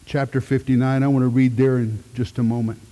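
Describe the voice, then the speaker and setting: A middle-aged man, a pastor, preaching a sermon with emphatic swells and hushed moments. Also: mid-range voice, level tone, a little fast, big-room sound.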